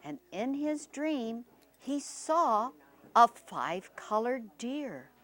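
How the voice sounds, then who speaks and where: A woman storyteller telling a folktale expressively, with dramatic pauses. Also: fairly high pitch, big pitch swings, a bit bright.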